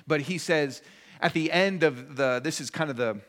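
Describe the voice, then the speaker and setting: A man's voice: fairly high pitch, normal speed, a bit bright. A man preaching a sermon as pastor, conversational and jokey, acting out little voices as he goes. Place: church.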